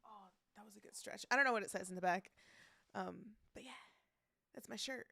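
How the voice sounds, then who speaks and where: A woman's voice: mid-range voice, fairly quick, vocal fry, pushed and bright, no room sound, studio quality. A woman streaming live, chatting casually, reading out chat messages and greeting viewers by name, laughing often.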